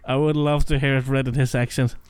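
A man's voice: medium pitch, flat delivery, quick pace, a little mellow, clean tone. A man co-hosting a podcast, chatting casually and enthusiastically, swearing now and then. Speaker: podcast co-host. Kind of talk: casual chat.

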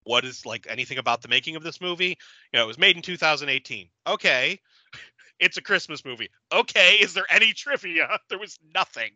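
Podcast guy ranting through a movie recap, super lively, bright sharp voice, dry mic. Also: on the high side, brisk, no room sound. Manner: animated retelling with profanity, acting out lines. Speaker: podcast host.

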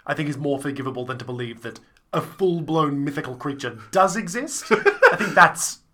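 A man's voice: a little high, lively intonation, normal speed, sharp tone. A young man co-hosting a podcast, chatting casually with dry, teasing remarks. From Australia. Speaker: podcast co-host. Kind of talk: casual chat.

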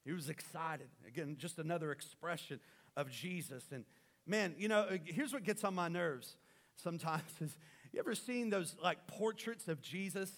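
A man preaching a sermon as pastor, swinging between loud rallying calls and quiet, intimate stretches. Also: fairly high pitch, moderate pace.

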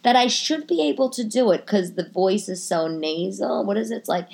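A woman with a mid-pitched voice rants alone on her podcast, rambling and restarting her sentences. She swears freely and pokes fun at herself. She speaks into a computer microphone in her living room. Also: animated, moderate pace, vocal fry, a little mellow. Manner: rambling, profane and self-mocking, with frequent restarts. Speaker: podcast host. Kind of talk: casual comedic monologue.

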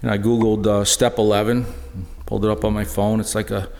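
Earnest middle-aged guy telling his story at church, lowish voice, lots of stops and restarts, big reverby hall. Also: little pitch movement, vocal fry, darkish tone. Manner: halting and earnest, full of restarts. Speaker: lay speaker sharing a personal witness. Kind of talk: personal testimony talk.

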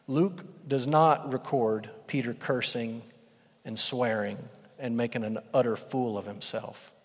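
Pastor preaching in a reverberant sanctuary, animated storyteller, man. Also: mid-range voice, measured pace. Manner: animated storytelling, swings from loud to hushed. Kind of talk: sermon. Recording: long hall reverb.

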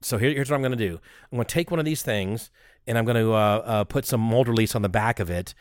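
A man co-hosting a podcast, chatting casually and excitedly, rambling and restarting his sentences. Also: medium pitch, fast talker, dry recording. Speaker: podcast co-host.

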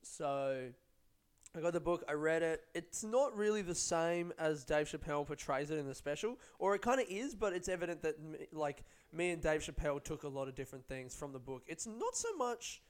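A man's voice: a little high, a little fast, smooth. A young man, a comedian, chatting casually and telling rambling, profane stories. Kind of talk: casual vlog chat.

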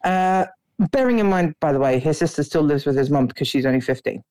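A woman's voice: deep voice, animated, quick pace, mellow, dry recording. A woman calling in to a podcast, telling her story in a chatty way with many fillers. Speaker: caller.

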